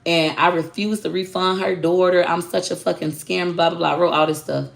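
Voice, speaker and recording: A woman's voice: fairly low pitch, steady tone, brisk, creaky. A woman who teaches online social media classes, speaking bluntly and animatedly in a casual livestream talk. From Florida.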